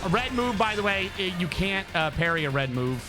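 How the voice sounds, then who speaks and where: A man's voice: high voice, very animated, a little fast, music in the background. A man streaming a game, giving rambling, profane commentary and explaining as he plays. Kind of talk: casual gameplay commentary.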